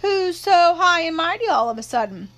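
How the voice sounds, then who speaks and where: A woman reads as a spirited young girl from a storybook, quick to argue and stand her ground. The voice sits very high, pushed up well above the reader's own, and it swoops about as she protests. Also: big pitch swings, a bit bright, heavily acted. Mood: defiant. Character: feisty young tomboy girl, outspoken.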